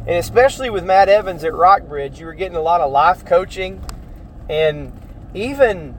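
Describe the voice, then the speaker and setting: Man, podcast host, casual monologue, somewhat high voice, rambling, self-correcting, faint vehicle noise behind. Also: animated, moderate pace. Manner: rambling, self-correcting, mimics other people's voices in quotes.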